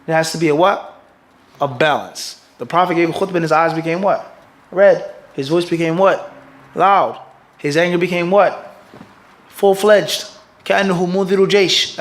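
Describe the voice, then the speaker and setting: A middle-aged man with a fairly high voice teaches a religious lesson to a class. He speaks with lively energy and drops in Arabic terms. He keeps pausing on "what?" for the room to answer and asks whether everyone is following. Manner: quizzes listeners with fill-in "what?" prompts; keeps checking "everybody understand this?". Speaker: mufti teaching a hadith class. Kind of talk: religious lecture.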